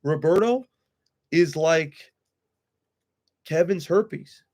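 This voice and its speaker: A man's voice: fairly high pitch, drawn-out words, darkish tone. Blunt, profane man ranting on stream. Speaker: livestream host. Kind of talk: heated livestream chat.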